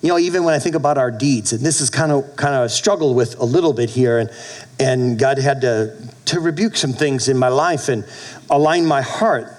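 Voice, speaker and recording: A pastor in his fifties preaches a sermon in an animated way, at medium pitch and moderate pace. He restarts frequently and his voice suddenly drops soft.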